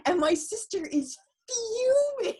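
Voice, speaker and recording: A woman's voice: very high voice, sing-song, takes it slowly, dark tone. A woman co-hosting a podcast over a video call, telling stories in a chatty, casual way. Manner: chatty storyteller. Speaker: podcast co-host. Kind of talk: casual chat.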